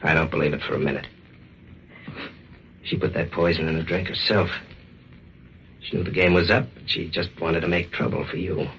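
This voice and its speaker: An actor playing a blunt, steady police detective in a 1940s-style radio drama, talking in a clipped, commanding way. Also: male voice, sits low, moderate pace, pauses often. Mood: reassuring. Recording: dull lo-fi old radio recording with faint hiss.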